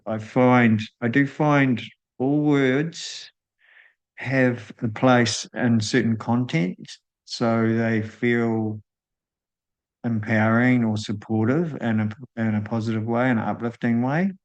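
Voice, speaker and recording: A man hosting a solo spiritual talk, speaking thoughtfully with frequent pauses and drawn-out ums. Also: medium pitch, fairly even intonation, muffled recording. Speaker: host.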